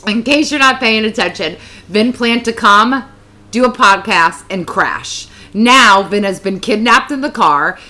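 A woman's voice: mid-range voice, measured pace, pushed and bright. A woman co-hosting a podcast, chatting and telling a story casually, laughing often. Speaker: podcast co-host.

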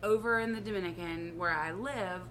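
Casting: bright-voiced woman from the South, chatty storyteller, faint room hum behind. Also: on the low side, normal speed. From American South. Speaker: podcast co-host. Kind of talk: casual storytelling.

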